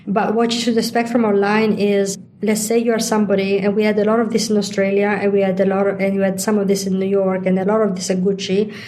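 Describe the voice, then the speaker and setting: A woman's voice: medium pitch, a little mellow. A middle-aged woman, a guest in an interview, explaining her points at length with examples. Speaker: interview guest, digital executive. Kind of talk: conversational interview.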